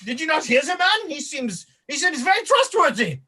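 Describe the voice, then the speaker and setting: A woman voicing a panicking male chef who shouts at his waiters. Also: sits high, big pitch swings, normal speed, voice pushed up, heavily acted. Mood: frantic. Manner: shrieking, frantic.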